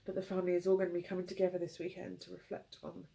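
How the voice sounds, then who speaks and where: A woman giving an intuitive tarot reading, tearful, speaking in gentle, halting phrases. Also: fairly low pitch, monotone, creaky, a little hiss or hum, rough recording. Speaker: tarot reader.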